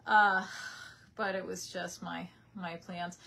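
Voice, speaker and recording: A woman's voice: on the low side, little pitch movement, slow pace, gravelly, bright, forceful tone, slightly rough. Chatty young woman live streaming. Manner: chatty, reads viewer comments aloud. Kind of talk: casual live stream chat. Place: room in her parents' house. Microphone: webcam.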